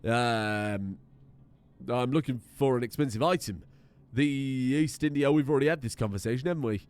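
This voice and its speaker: A man's voice: medium pitch, moderate pace, darkish tone, smooth. A British man commentating a game playthrough from his desk at home, joking and swearing as he goes. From United Kingdom. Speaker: gaming streamer. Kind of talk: let's play commentary.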